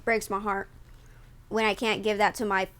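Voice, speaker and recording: A young woman streaming live, reacting to a video with loud, profane, joking commentary. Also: medium pitch, flat delivery, normal speed, clean tone. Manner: loud, profane, mocking jokes and frequent laughs.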